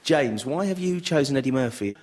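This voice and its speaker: A man's voice: medium pitch, animated, brisk, darkish tone. A man hosting a radio comedy panel show, with playful, teasing banter. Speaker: host.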